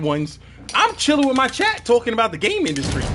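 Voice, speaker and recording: A young man streaming a game and ranting to his chat, animated and profane as he talks. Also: very high voice, brisk. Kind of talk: live-stream gaming commentary.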